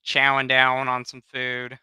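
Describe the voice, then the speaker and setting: A man with a very bright, smooth voice, chatting casually on a livestream. He greets his viewers by name in an affectionate, gushing way. The sound is close and dry. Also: mid-range voice, completely flat delivery, slow, no room sound, poor audio. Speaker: livestream host. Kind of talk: casual chat.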